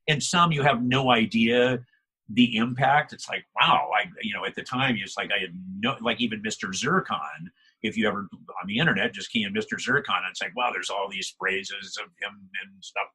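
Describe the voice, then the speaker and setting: Older man, voice actor guest, casual interview chat, husky, bright tone. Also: lowish voice. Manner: animated storyteller, laughs often, acts out quotes.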